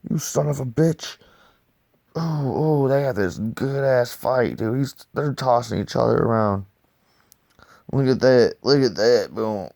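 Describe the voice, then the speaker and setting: A man's voice: mid-range voice, unhurried, creaky, no room sound, studio quality. A young man casually reviewing a comic book, rambling and swearing as he acts out scenes and adds sound effects. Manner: profane, excitable, sound effects and acted-out dialogue.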